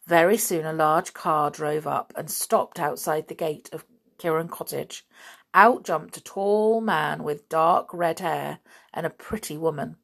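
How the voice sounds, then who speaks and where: A woman reading a children's novel aloud in a steady storytelling manner. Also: low-pitched, unhurried, vocal fry. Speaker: narrator.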